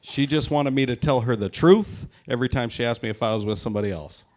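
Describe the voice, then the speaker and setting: Forties stand-up comic from Tacoma, foul-mouthed and self-mocking, average pitch, live set. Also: male voice, fast, a little mellow. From Tacoma, Washington, US. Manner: crude, self-mocking, swears a lot. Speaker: stand-up comedian. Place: live show at a brewery.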